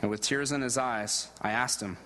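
Earnest preacher in a reverberant hall. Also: male voice, steady tone, moderate pace, slight background noise. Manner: earnest, storytelling, drops low and soft at emotional moments. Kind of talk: sermon with personal story. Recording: long reverb of a large hall.

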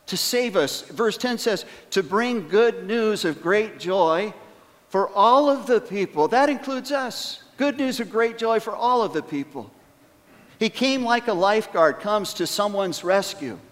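A man's voice: fairly high pitch, a bit bright. Earnest male preacher in a reverberant hall. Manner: earnest, emphatic, slows down on key phrases; asks the congregation rhetorical questions. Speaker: pastor. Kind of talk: sermon.

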